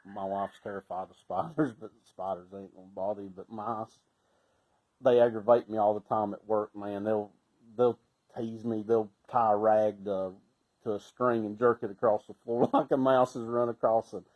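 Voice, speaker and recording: A middle-aged man with a Southern Appalachian accent, telling casual stories in a folksy way, laughing often and sometimes breaking into loud shouts. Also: fairly low pitch, steady tone, normal speed, poor audio. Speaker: storyteller. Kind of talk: casual storytelling.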